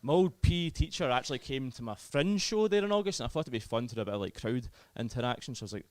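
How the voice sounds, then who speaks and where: A man's voice: mid-range voice, lively intonation, fast talker, a little mellow. A young Scottish man with a Scottish accent performing a self-deprecating, chatty stand-up comedy set. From Scotland.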